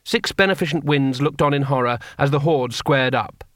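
A man narrating an audiobook in a dry, lively storytelling manner. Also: mid-range voice, moderate pace, no room sound.

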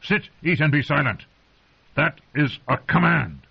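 Stern old commander, raised and forceful, barking orders, read by a male narrator; dull audio. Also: fairly high pitch, expressive, a little slow, creaky, slightly rough, voice pushed up, heavily acted.

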